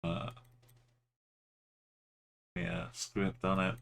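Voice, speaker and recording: Guy streaming a geo game, husky voice, mumbling little comments to himself. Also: sits low, a little slow. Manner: musing, muttering short remarks. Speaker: streamer playing a geography game. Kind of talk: casual commentary while playing.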